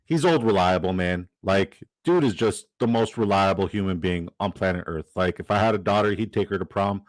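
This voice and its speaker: A man's voice: low-pitched, fairly quick, no echo, rough recording. A man hosting a fantasy football livestream, chatting casually, joking and reading out the chat. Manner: upbeat, jokey, reads chat aloud.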